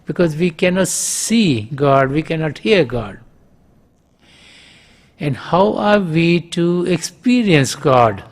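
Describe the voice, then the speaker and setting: A man giving a spiritual talk as a teacher, measured, pausing often with soft fillers. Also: fairly high pitch, expressive. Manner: measured, with frequent pauses and fillers.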